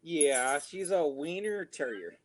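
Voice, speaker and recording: A man co-hosting a casual video-call chat, telling relaxed stories and laughing at them. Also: fairly high pitch, slow, no room sound. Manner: relaxed storyteller, laughs at his own stories. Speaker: co-host.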